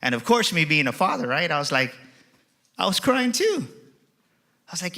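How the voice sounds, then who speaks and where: A man giving a motivational keynote speech to a live audience, energetic and acting out dialogue in changing voices. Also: fairly high pitch, moderate pace. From Texas. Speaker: motivational speaker. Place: auditorium.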